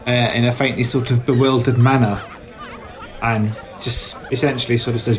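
A man's voice: mid-range voice, steady tone, normal speed, crowd noise. A man playing a tabletop game, describing what his character does with many restarts and repeated words. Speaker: player.

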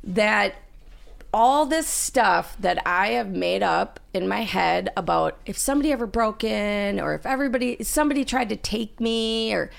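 A woman's voice: mid-range voice, lively intonation, normal speed, creaky. A woman co-hosting a casual podcast, telling a story animatedly and acting out her own panicked lines. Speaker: podcast co-host.

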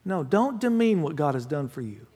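A man preaching a sermon as pastor, mixing humorous family stories with hushed prayer. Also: fairly high pitch, very animated, normal speed, slightly rough. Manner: dramatic swings from loud to hushed prayer; humorous storytelling with laughs. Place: church sanctuary. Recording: long hall reverb.

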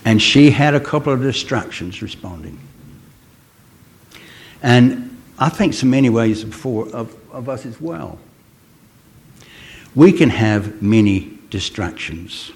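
A man's voice: mid-range voice, a little mellow. Older guy preaching, chatty stories, asks the room questions, voice jumps around a lot. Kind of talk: sermon.

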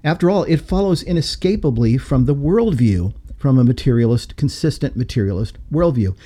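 A man's voice: medium pitch, expressive, normal speed, warm tone. A man hosting a podcast discussion, talking in an emphatic, lecturing way. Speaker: podcast host.

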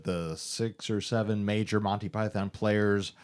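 A man in a casual podcast chat, speaking in a measured, matter-of-fact way. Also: lowish voice, fairly even intonation, a little mellow. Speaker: podcast co-host.

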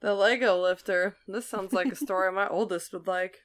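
A woman's voice: medium pitch, normal speed. A woman in her thirties, co-hosting a casual storytelling chat, who often laughs as she tells her own stories. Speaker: storyteller and co-host.

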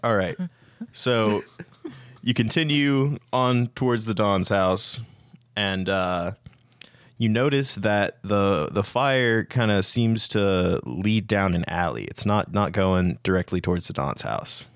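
A man's voice: lowish voice, takes it slowly, smooth, no echo. Man, game master, hesitant, many fillers, dry sound. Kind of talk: narrating a tabletop game.

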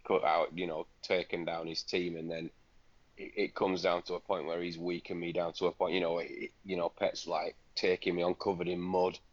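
A man's voice: low-pitched, moderate pace, dry recording. A man co-hosting a gaming podcast, talking in a matter-of-fact way. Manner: gravelly, flat and matter-of-fact. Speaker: podcast co-host. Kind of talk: casual chat. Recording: dry, slightly muffled podcast audio.

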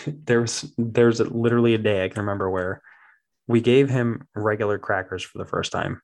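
Young guy, kinda low voice, animated storyteller, does little kid voices. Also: moderate pace, gravelly. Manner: animated storyteller, mimics his toddler in a high voice. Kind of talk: casual chat.

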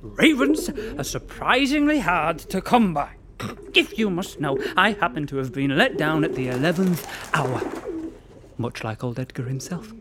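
A man's voice: a little high, big pitch swings, moderate pace, background noise. An actor playing a pompous man who poses as Edgar Allan Poe with a put-on Southern American drawl and grand theatrical delivery, in a comedic audio drama. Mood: ominous.

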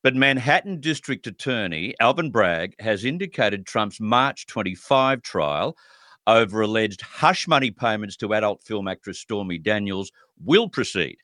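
A man's voice: fairly low pitch, expressive, unhurried, a bit bright, dry recording, studio quality. A man hosting political talk radio, speaking emphatically and indignantly. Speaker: radio talk show host.

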